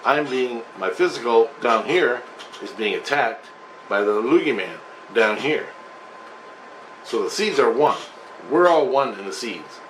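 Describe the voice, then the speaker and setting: A man tells a long personal story in a loose, rambling way, swearing freely and pressing hard on his words. His voice sits at an average pitch, with faint noise behind it. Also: lively intonation, a little slow, pauses often, a bit bright, poor audio. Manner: profane, emphatic, conversational.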